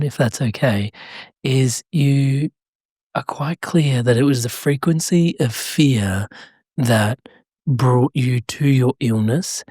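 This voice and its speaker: A woman hosting a podcast, asking questions in a gentle, encouraging way and laughing along with her guest. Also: extremely low pitch, breathy edge, no echo, studio quality. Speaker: podcast host. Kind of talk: interview questions.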